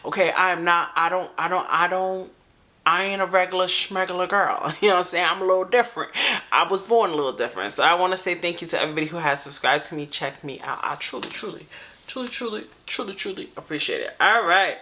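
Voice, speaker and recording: Woman reacting to a video, bright voice, chatty, repeats herself a lot. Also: lowish voice, fast. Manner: chatty, repetitive, laughing asides. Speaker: reaction channel host. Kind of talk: casual reaction video chat.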